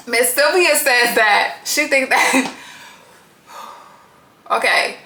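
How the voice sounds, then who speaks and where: A woman chats through a reality TV recap in a bright, forceful voice that sits a little high. She is blunt and profane, slips into slang, and laughs often. The sound has a noticeable echo from the room. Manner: chatty, slangy and animated. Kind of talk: casual reality TV recap commentary.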